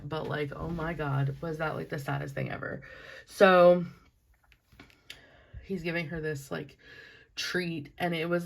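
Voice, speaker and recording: A young woman talks casually about her week, her lowish voice full of vocal fry. She chats loosely and says "like" in nearly every phrase. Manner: chatty, frequent "like" fillers. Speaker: planner vlogger. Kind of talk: casual chat.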